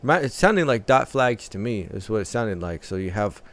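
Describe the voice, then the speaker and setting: A man hosting a music reaction channel, talking through a track in a thoughtful, analytical way with many filler pauses. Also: lowish voice, lively intonation.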